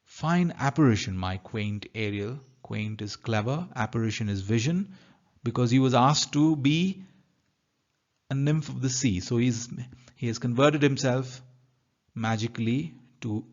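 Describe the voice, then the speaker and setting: A man's voice: medium pitch, highs cut off. A man teaching literature, reading lines from a play and explaining them carefully. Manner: slow, careful, reads lines then paraphrases.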